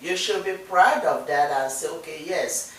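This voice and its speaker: A woman's voice: on the low side, animated, moderate pace, a bit bright. Nigerian woman, distant and echoey. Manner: earnest, encouraging, repeats points for emphasis. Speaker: co-host. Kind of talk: casual talk-show chat. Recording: distant, echoey room sound.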